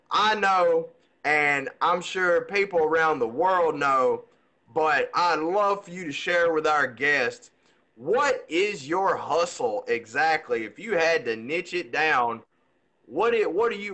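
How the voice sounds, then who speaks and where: A man with a fairly high, very bright voice hosts a casual interview. He is enthusiastic and laughs often, in loose everyday grammar. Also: lively intonation, unhurried. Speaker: podcast host.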